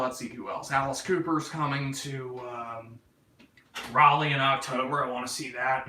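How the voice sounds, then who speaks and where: A man's voice: medium pitch, pushed and bright, reverberant, far from the mic, a little hiss or hum, low-quality recording. A man in his twenties with a North Carolina Southern accent, hosting a casual livestream chat, rambling, joking and swearing as he reads comments. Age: 20s. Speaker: livestream host.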